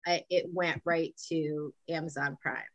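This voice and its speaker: Female interviewer, eager and reactive, lowish pitch. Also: fairly even intonation, highs cut off. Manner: enthusiastic, quick to react. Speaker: interviewer, host. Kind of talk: casual interview chat.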